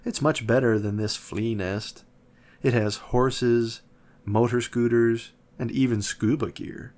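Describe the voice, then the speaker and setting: Snappy spoiled rich girl in a kids' story, read by a man, slow. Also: mid-range voice, fairly even intonation, darkish tone, natural voice. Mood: bratty. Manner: snappy, boastful. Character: spoiled rich schoolgirl, bratty.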